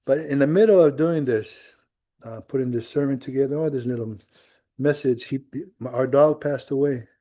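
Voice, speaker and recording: A man's voice: medium pitch, moderate pace, mellow. A middle-aged male pastor preaching a sermon in a church, telling a personal story in a conversational way with quoted dialogue.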